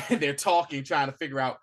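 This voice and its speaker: A man co-hosting a podcast, giving a casual, animated recap of a TV episode and acting out the characters' lines. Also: on the high side, fairly quick. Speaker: podcast co-host.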